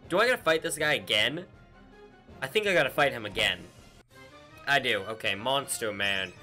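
A man doing excitable let's play commentary, reacting aloud to the game as he plays. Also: medium pitch, moderate pace, long pauses, soft background music. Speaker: gameplay commentator.

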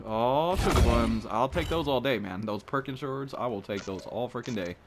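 A young man giving casual commentary as he opens in-game supply drops, excitable and full of slang. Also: mid-range voice, normal speed, noisy background. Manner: excitable, slangy, thinks aloud. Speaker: gaming streamer.

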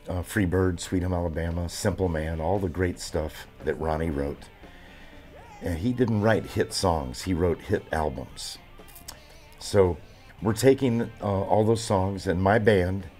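Deep-voiced man in his seventies. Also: darkish tone. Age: 70s. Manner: rambling, halting with fillers and restarts. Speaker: drummer. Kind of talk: interview.

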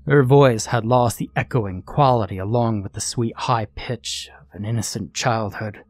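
Guy reading a horror story, steady and suspenseful, dry close mic. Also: medium pitch, moderate pace, dry recording. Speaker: narrator. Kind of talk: scripted horror story narration.

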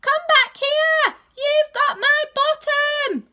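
A woman voicing an earnest little male robot who cries out in high, wailing tones. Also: very animated, normal speed, a bit bright, exaggerated voice. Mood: shouting.

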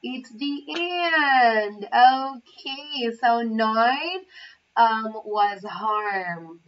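A woman reads a children's story aloud very slowly and carefully, pausing for little asides. Her voice is fairly high, and the recording is muffled and dull, with her sitting a bit away from the mic. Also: far from the mic, slight background noise. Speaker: English teacher trainee.

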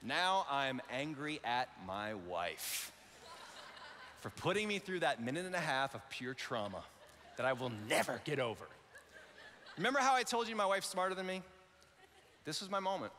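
Pastor guy, high bright voice, big swooping story sermon, reverb from the church hall. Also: normal speed, long pauses, slight background noise. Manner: animated, acts out voices in his story. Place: large church auditorium.

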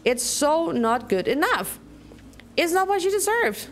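A woman's voice: extremely high pitch, big pitch swings, unhurried, slight background noise, pitched above the performer's own voice, heavily acted. A woman reading aloud a furious young woman ranting against her hometown in a narrative game. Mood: angry. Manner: angry, ranting. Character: furious young woman denouncing a small town.

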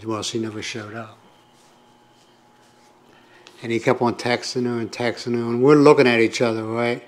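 With little pitch movement in his mid-range voice and a moderate pace, an older American vlogger tells a lengthy story to camera. He rambles conversationally and keeps drifting into asides.

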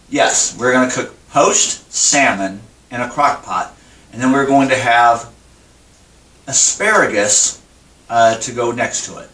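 A man's voice: medium pitch, bright, forceful tone. A man hosts a casual cooking vlog, talking in a candid, rambling way. He sounds some distance from the microphone. The room around him is echoey. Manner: candid, rambling, emotional about his struggles. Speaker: cooking vlogger. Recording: roomy sound from a distant mic.

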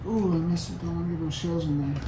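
Playful dad in an echoey kitchen. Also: male voice, fairly high pitch, steady tone, quick pace, warm tone. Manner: playful, coaching, reads instructions aloud. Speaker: father baking with his daughter. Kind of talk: casual family chat. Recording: echoey room with background noise.

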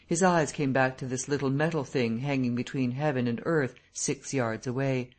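A man reading a classic novel aloud as an audiobook narrator, in a steady, measured way. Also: medium pitch. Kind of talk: scripted narration.

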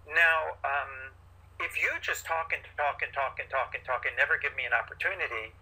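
A man, a paediatrician guest in an interview, explaining parenting advice in an animated way and acting out parents and children as he goes. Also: medium pitch, normal speed, husky, low-quality recording.

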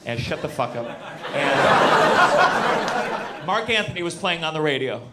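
Stand-up comic, male, 30s, lively delivery with big swings, handheld mic over loud audience laughter. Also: fairly high pitch, moderate pace, heavy background noise. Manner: animated, shouts punchlines, acts out quoted voices. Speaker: stand-up comedian. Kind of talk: stand-up comedy set. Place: comedy club stage with live audience.

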